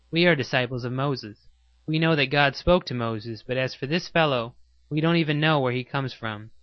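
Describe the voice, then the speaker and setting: A man giving a steady, measured scripted reading of Bible passages. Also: medium pitch, no echo, muffled recording.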